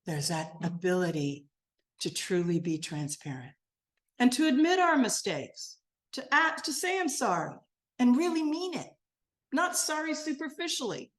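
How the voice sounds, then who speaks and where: An older woman minister giving a sermon, gentle and earnest, sinking to a soft, quiet voice as she leads a guided meditation. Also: very animated, moderate pace. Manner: gentle, earnest and softly spoken, dropping low and quiet.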